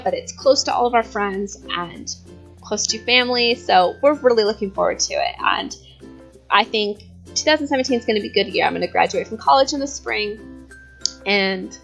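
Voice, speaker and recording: A woman's voice: medium pitch, fairly bright tone. A young woman in her twenties chatting casually over gameplay, rambling and giggling, a bit out of breath. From California. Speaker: YouTube host.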